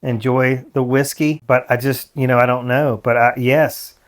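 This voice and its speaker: A man's voice: mid-range voice, steady tone, moderate pace. A man in his forties co-hosts a podcast in a casual, earnest way. He stops and restarts his sentences often as he works his thoughts out aloud. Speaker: podcast co-host. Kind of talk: casual political chat.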